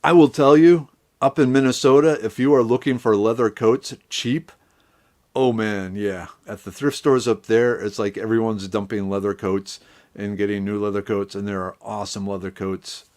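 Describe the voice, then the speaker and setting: With a fairly low pitch and a moderate pace, a middle-aged man hosts a live stream. He talks with viewers casually, rambling along and greeting each by name.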